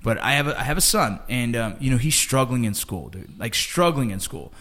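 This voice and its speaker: A man's voice: mid-range voice, brisk. A middle-aged man hosting a podcast, chatting casually and telling stories with lots of bro and dude. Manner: animated storyteller, says bro and dude a lot. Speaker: podcast host. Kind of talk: casual chat.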